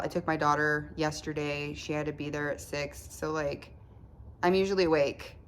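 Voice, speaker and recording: A woman with a low, deep voice talks at home in a casual diary-style vlog. She speaks haltingly, restarting phrases and trailing off. Faint background noise hums under the recording. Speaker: vlogger keeping a recovery diary.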